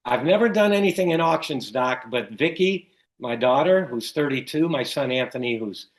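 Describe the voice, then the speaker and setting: An older man from Chicago, a guest telling stories in an interview with lots of animated retelling. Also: mid-range voice, moderate pace, poor audio. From Chicago, USA. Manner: animated storyteller who acts out quoted dialogue. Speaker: guest, cycling race announcer. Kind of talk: casual storytelling in an interview.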